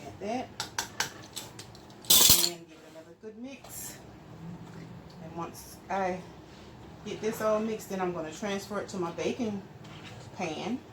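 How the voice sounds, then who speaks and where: A woman's voice: medium pitch, unhurried, pauses often. A woman hosting a casual cooking demonstration, chatting straight to her viewers and explaining each step as she stirs and measures. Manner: explains steps while stirring and measuring. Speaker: home cook and channel host. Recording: steady background noise.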